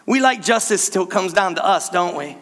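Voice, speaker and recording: An older man preaching a sermon to his church in a playful, conversational way with quick asides. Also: sits high, expressive, fairly bright tone, long reverb tail. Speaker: pastor. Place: church sanctuary.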